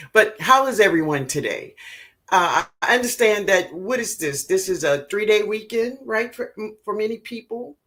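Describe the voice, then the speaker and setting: Her voice sits low with a fairly bright tone. A middle-aged woman leading a gardening live stream, she chats casually with viewers, drawls unhurriedly, and affectionately calls them baby.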